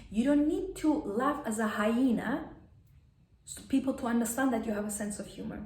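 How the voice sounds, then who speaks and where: A woman's voice: on the high side, measured pace, darkish tone, reverberant, recorded from a distance. A woman coaching etiquette in a plain instructive way, stating blunt rules and acting out examples. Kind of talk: advice vlog lesson.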